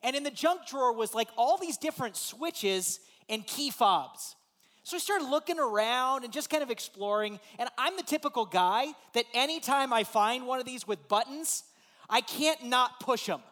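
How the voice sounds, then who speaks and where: A man, a pastor, telling a lively personal story in a sermon and acting out the voices in it. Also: extremely high pitch, moderate pace. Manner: animated, acts out voices in his story.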